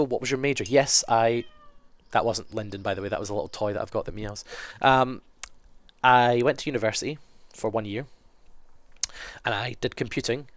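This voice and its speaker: A man's voice: medium pitch, a bit bright, no room sound. A young man with a cold, answering fan questions in a rambling, self-correcting chat. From Scotland. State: sick with a cold, sniffly. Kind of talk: casual Q&A monologue.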